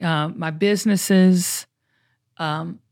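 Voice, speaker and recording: A woman's voice: on the low side, steady tone, very slow, gravelly, darkish tone, no echo, clean studio sound. Woman, middle-aged, show host, motivational, cheerful. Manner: upbeat, motivational, uses y'all. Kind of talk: casual chat.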